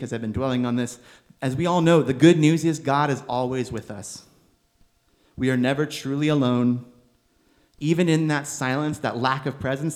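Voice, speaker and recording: A young man preaching a sermon in a gentle, conversational way, with bursts of emphatic exasperation. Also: medium pitch. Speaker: preacher, seminary student.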